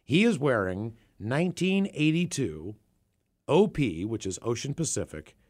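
A man's voice: medium pitch, big pitch swings, unhurried, darkish tone. A man from the Seattle area, co-hosting a podcast, telling a profane, rambling story in casual chat. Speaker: podcast co-host.

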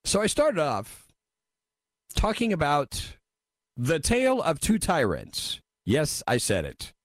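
A man's voice: a little high, wildly swooping pitch, takes it slowly, dry recording. A man hosting a talk radio show, reading listener messages and giving wry, emphatic commentary into a studio microphone.

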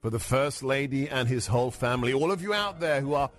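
A man's voice: medium pitch, expressive, fast talker, soft background music. A man hosting a call-in radio talk show, speaking confidently and emphatically, repeating phrases for stress.

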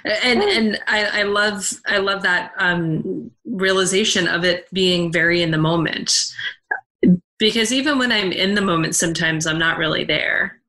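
A woman's voice: fairly low pitch, moderate pace, sharp tone, low-quality recording. A woman co-hosting a podcast, chatting casually and rambling a little as she searches for words. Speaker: podcast co-host.

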